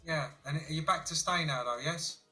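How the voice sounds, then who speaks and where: Cheeky English man with a bright voice. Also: fairly high pitch, normal speed, husky, soft background music. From England. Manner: cheeky, teasing, swears freely. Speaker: guest on a video call-in show. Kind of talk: casual banter. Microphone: video call.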